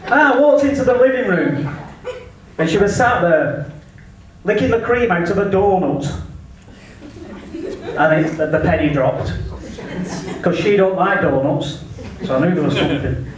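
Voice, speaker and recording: A man's voice: high-pitched, expressive, moderate pace, pauses often. A man with an English accent doing a crude stand-up comedy set, delivering brash punchlines. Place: comedy club stage. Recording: echoey venue from far off, faint noise. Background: audience laughter.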